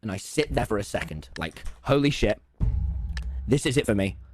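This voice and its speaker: A young British man telling a story on his stream, excitable and swearing often, acting out both sides of each exchange. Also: fairly low pitch, normal speed, slight background noise. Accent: British English. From England. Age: young adult.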